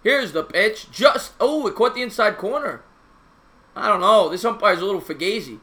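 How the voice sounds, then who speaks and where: A man calling a baseball game play by play on his live stream, chatting with viewers in a casual, slangy, excitable way. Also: sits high, normal speed.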